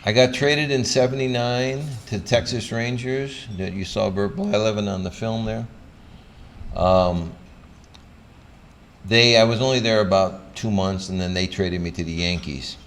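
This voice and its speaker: An older man, a former pro athlete, giving a motivational talk full of personal stories that he acts out with lively, sometimes loud energy. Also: lowish voice, a little slow. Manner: animated storyteller who acts out scenes, loud when excited.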